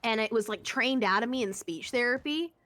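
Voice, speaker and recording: A woman from East Texas chatting casually with friends during a game stream, animated and rambling, laughing often. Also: on the high side, brisk, a crowd in the background. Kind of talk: casual chat while gaming on stream.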